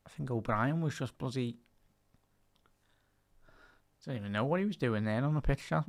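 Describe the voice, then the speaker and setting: This Scouse-accented man hosts a YouTube channel and commentates on football, offering live fan commentary on a match while chatting to his viewers and laughing a lot. He speaks in a mid-range voice at a normal speed, pausing often, on a dry recording.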